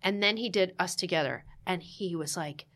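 A woman guest telling a candid story in conversation, animated, with restarts, fillers and laughing asides. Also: lowish voice, normal speed. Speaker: podcast guest.

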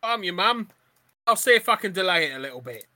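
Woman doing a brash, pushy stage mum, Cockney accent, bright edge, plays it crude and loud. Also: lowish voice, expressive, fast talker. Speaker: improv player. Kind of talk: improvised comedy scene.

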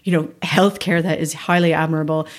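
A woman from Canada in her thirties, chatting as a guest. She tells stories with lots of energy and laughs often. Her voice sits slightly low. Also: brisk. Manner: animated storyteller, acts out quotes, laughs often. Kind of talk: casual chat.

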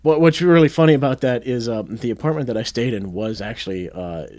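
A man co-hosting a podcast, telling a story in casual chat and acting out the quotes loudly. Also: medium pitch, a little fast. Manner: animated, acts out quotes loudly. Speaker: podcast co-host.

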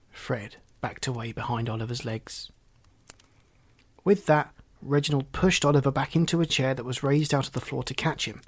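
A man narrating a children's storybook in an even, unhurried way. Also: mid-range voice, slightly rough.

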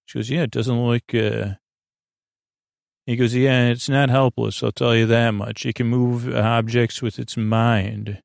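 A man's voice: mid-range voice, flat delivery, a little slow, vocal fry, no room sound, clean studio sound. A man hosting a podcast, casually recapping a TV episode scene by scene, paraphrasing the dialogue with lots of filler uhs. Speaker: podcast host.

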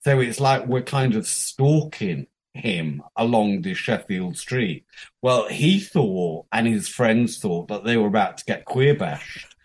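A man's voice: fairly low pitch, animated, slow pace. A man in his fifties from England, a guest telling candid stories about his life, frank and profane, acting out the quotes of the people in them. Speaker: interview guest. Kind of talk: candid storytelling.

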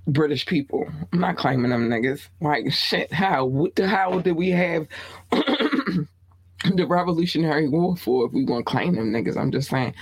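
A woman podcast host with a Baltimore accent, chatting casually and bluntly in a small home studio, her voice swooping up high when excited. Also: normal speed, breathy edge, dry recording. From Baltimore, USA. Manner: laid-back, blunt, frequent "um" and laughter. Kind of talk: casual podcast sign-off chat.

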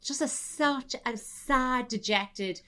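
A woman co-hosting a podcast, telling a story with lively, swearing, laughing comedic chat. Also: fairly high pitch, slow, a little hiss or hum. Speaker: podcast co-host.

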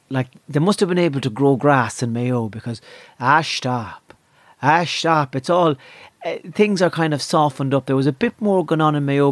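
A man's voice: medium pitch, a little mellow, no room sound. A man with an Irish accent doing a stand-up routine, swearing freely and rambling from one thought to the next. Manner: profane, rambling, jumps into quick impressions. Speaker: stand-up comedian.

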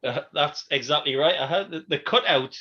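A man's voice: a little high, moderate pace, pushed and bright, breathy edge, dull audio. A man co-hosting a podcast in casual chat, joking, laughing often and tagging questions onto his remarks. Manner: jokey, laughs often, adds tag questions. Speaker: podcast co-host.

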